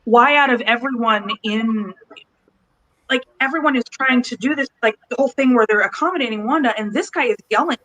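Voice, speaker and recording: A woman's voice: a little high, a little fast, pushed and bright, poor audio. A woman in a casual fan discussion, talking in a gushing, rambling way. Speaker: podcast panelist.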